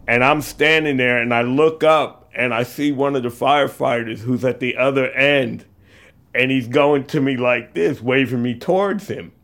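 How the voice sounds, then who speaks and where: An older man from California telling a personal story, halting and reflective, with pauses and fillers. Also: mid-range voice, a bit bright. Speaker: eyewitness storyteller. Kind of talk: personal story told in interview.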